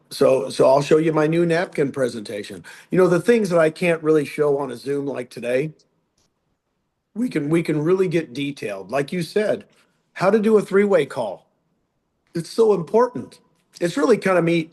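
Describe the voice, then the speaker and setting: A man's voice: a little high, a little mellow. A man speaking as a guest on a training webinar over a video call, chatty and rambling with frequent restarts. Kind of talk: casual webinar talk.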